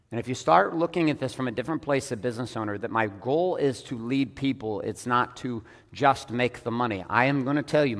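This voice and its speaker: Blunt, profane man speaking in a reverberant hall. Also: medium pitch. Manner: blunt and profane, swings from loud emphatic bursts to hushed intensity. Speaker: business coach speaking to an audience. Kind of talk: profane motivational talk on stage.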